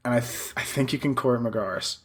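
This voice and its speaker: This young podcast co-host has a mid-range voice that runs a little fast, a bit bright with a breathy edge. He chats casually, swears freely, and laughs often while acting out lines.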